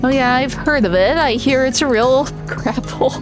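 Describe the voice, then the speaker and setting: A woman's voice: sits high, moderate pace, over music, pitched above the performer's own voice, natural voice. A woman reading aloud the lines of a fussy, rule-bound records clerk from a game. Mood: officious. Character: fussy bureaucratic records clerk, pedantic and stern.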